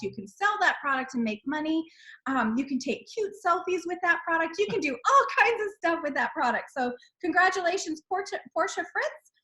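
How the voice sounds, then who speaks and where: A high, bright-voiced woman hosts a team call. She reads out names with bubbly energy, cheering and exclaiming as she goes. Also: poor audio. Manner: bubbly, exclaims and laughs while reading names. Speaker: host of a team sales call. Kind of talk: upbeat recognition call.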